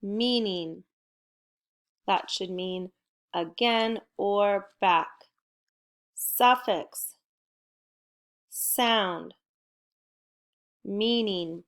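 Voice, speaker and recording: A middle-aged woman with a medium-pitched voice teaches first graders in a recorded home lesson. She's upbeat and encouraging, speaking slowly and clearly for the children.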